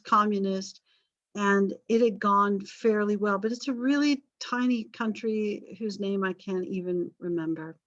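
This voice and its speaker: A woman history teacher in middle age talks through a lecture in a rambling, chatty way, breaking off for self-deprecating asides. Her voice sits at an ordinary pitch, and the recording is dry and slightly dull. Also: fairly bright tone, no room sound.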